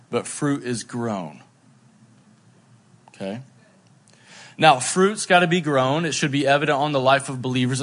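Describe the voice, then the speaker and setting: A middle-aged man preaching a sermon in a conversational, self-deprecating way, with asides to the congregation. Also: medium pitch. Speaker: pastor.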